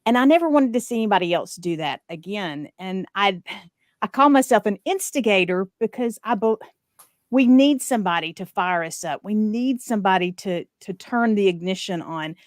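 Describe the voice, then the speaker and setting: A woman with a Southern accent, a guest in a casual interview, talking in a lively, joking way and laughing often. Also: mid-range voice, moderate pace, no room sound, studio quality.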